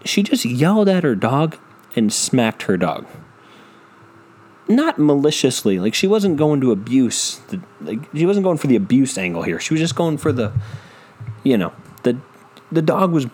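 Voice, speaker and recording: Very animated and a little mellow, this mid-range male voice moves at a normal speed. He's a solo podcast host ranting casually into a studio mic, rambling, swearing, and putting himself down.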